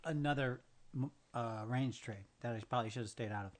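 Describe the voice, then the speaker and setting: A man's voice: mid-range voice, brisk. Muttering man with the hiccups. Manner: mutters to himself, frustrated and cursing. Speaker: day trader streaming his trades. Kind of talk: live trading commentary.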